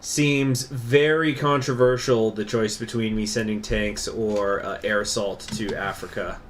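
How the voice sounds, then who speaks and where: A man's voice: lowish voice, steady tone, measured pace, few pauses, slight background noise. A man streaming a strategy game, rambling and digressing through casual commentary. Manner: rambling, digressive, filler-heavy. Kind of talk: casual gameplay livestream commentary.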